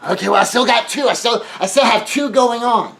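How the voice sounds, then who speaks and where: A man's voice: extremely high pitch, gravelly, a bit bright, slight background noise, low-quality recording. A man giving earnest relationship advice in a monologue, often repeating words as he builds a point. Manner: earnest, repeats words when rushing, acts out quoted scenes.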